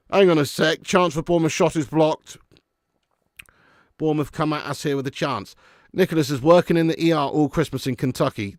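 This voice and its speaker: Jokey streamer, very lively pitch. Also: male voice, dry recording, clean studio sound. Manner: jokey, laughing, thanking viewers, swearing. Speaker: host of a football watch-along stream. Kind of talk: live watch-along commentary reading super chats.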